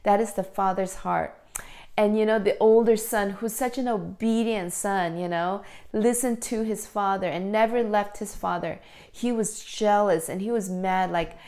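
A woman leading a children's church lesson, retelling a parable with animated quoted voices, then speaking casually and encouragingly with many fillers. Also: measured pace. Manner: animated storytelling, acting out quotes with lively pitch jumps. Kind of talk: children's sermon.

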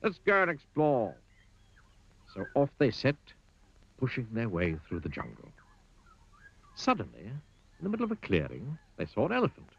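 A husky-voiced man narrates a children's storybook. His telling is playful, and his pitch swoops up and down with every turn of the tale. The recording sounds dull and lo-fi. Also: huge pitch swings, moderate pace, pauses often.

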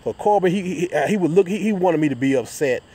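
A man's voice: high voice, lively intonation, fast talker, dark tone, slightly rough. Profane, rambling man. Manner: profane, rambling, with stammered restarts. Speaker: vlogger. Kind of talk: casual rant to viewers.

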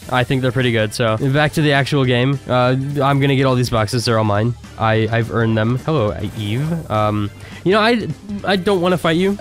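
An excitable young man with a slightly high voice, talking through a game in loose, casual commentary. He trash-talks opponents in quick bursts, and faint music plays under him. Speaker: gaming YouTuber.

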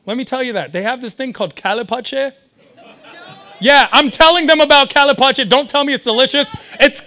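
A young man doing a stand-up comedy set at a live event, animated and riffing with the audience. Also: very high voice. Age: young adult.

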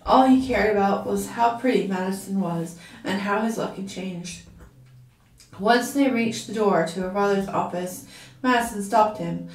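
A woman reading a chapter of a story aloud in a steady storybook style, now and then restarting a word. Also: mid-range voice, unhurried. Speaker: story reader. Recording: roomy, from a distance.

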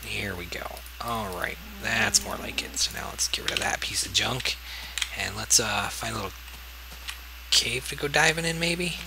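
A man's voice: on the low side, normal speed, vocal fry, background noise. A man casually commenting as he plays a game, talking to himself and yelping whenever something attacks him. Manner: rambling self-talk, yelps and exclaims when attacked. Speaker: gaming video host. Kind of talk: casual let's-play commentary.

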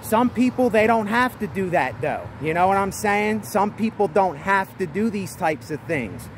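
A man with a fairly high voice giving a motivational vlog talk outside. He talks emphatically and repeats his points, pushing his voice up to carry over faint traffic passing nearby. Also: expressive, moderate pace. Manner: emphatic and repetitive, speaking loudly over outdoor noise. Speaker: vlogger. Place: outdoors near traffic.

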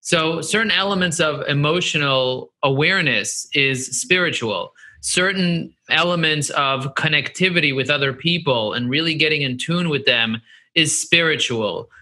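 Talking at normal speed, this middle-aged man from the United States, a marketing agency CEO, is a guest in an interview. He's candid, earnest, and animated, leaning on repeated phrases for emphasis, in a bright, forward voice pitched slightly above the typical male range.

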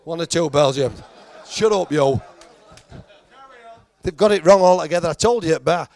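The voice sits on the high side, a little mellow, at normal speed. He's a middle-aged stand-up from Halifax, England, with a Yorkshire accent, running a chatty, self-deprecating set and teasing the crowd.

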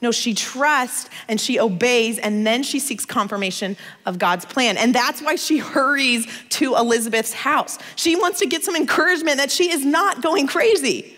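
A woman in her thirties from the United States, preaching a sermon in a conversational, expressive storytelling manner. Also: sits high, moderate pace, few pauses, in a large hall.

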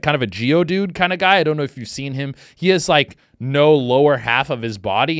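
Animated comedian hosting his podcast. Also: mid-range voice, no room sound, clean studio sound. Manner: animated, swearing, excitable riffing. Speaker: podcast host. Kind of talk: casual comedic monologue.

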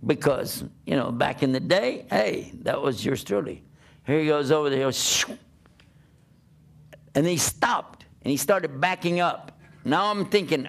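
An older man preaching, telling a personal story in an animated way and often laughing as he talks. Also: mid-range voice, moderate pace, gravelly. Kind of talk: storytelling talk.

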